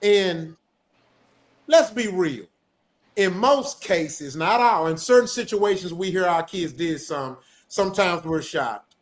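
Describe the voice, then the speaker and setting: Male panelist, high pitch, emphatic and profane, fatherly tone. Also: expressive, takes it slowly. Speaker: podcast panelist. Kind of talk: casual podcast chat.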